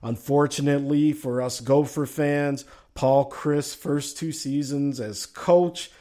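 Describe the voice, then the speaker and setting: Folksy Southern-accented sports talk host. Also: male voice, fairly high pitch, fairly even intonation, takes it slowly, mellow. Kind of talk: casual sports talk show, reading the chat.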